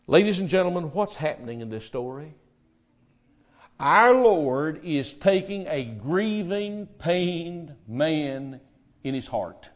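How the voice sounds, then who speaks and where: A man with a fairly high voice delivering a sermon. He preaches with loud emphasis to his listeners, then drops to a soft, hushed voice when retelling dialogue. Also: animated, slow.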